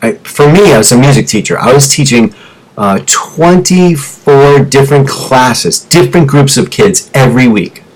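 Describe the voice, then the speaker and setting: A mid-pitched man in his forties speaks to fellow teachers through a teleconference mic. He tells an emotional personal story, his voice falling low and hushed at the painful moments and rising with energy when he makes his case. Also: lively intonation, moderate pace, poor audio. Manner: storytelling, drops low and quiet in emotional parts, rises for emphasis. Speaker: teacher turned business coach. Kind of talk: motivational talk to teachers. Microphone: teleconference microphone.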